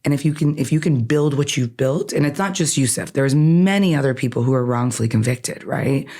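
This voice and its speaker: A woman's voice: rumbling low, brisk. Earnest woman guest who keeps saying "right?". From Iran. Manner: earnest, animated, says "right?" constantly. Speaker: attorney and podcast guest. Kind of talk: conversational interview.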